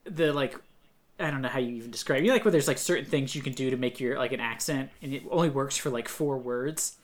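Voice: mid-range voice, fast talker. Rambling podcast co-host, casual chat. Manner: rambling, hedges with many fillers.

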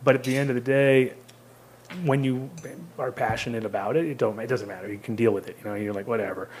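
Rambling man telling stories, soft room noise. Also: mid-range voice, fairly even intonation, fast. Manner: rambling storyteller who acts out quoted voices. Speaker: cannabis seed company guest. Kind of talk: casual podcast chat.

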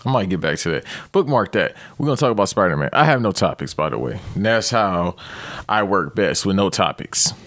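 Thirtysomething guy ranting on his podcast, swears a lot, kinda low voice, dead dry sound. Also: fairly quick, dry recording. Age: 30s. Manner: profane, rambling, animated outbursts. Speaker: podcast host. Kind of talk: comedic rant.

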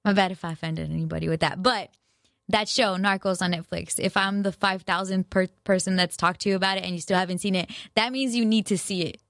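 A woman's voice: medium pitch, fairly even intonation, fairly quick, gravelly, a bit bright, dry recording, clean studio sound. A young woman chatting casually to her viewers, rambling and self-mocking, full of slang and restarts. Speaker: vlogger. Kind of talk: casual chat to camera.

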